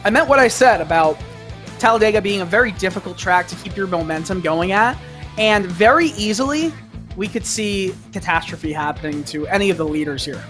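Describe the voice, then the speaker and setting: A man's voice: high-pitched, animated, fairly quick, a bit bright, soft background music. A man giving color commentary on an online race, chatty and rambling, often laughing. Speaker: sim racing color commentator.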